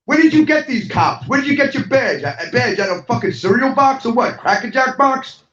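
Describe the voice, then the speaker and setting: In a heated livestream rant, a middle-aged talk show host curses angrily and repeats himself while facing his audience head-on. His voice is very high, expressive, and fairly bright, moving at a fairly quick clip. The sound is dull and roomy, as if from a distant microphone.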